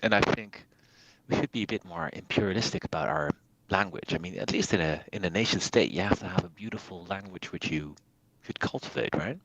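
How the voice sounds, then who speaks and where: A man in casual conversation, giving blunt opinions in a halting way full of fillers. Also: sits low, lively intonation, vocal fry, fairly bright tone, no room sound, lo-fi sound.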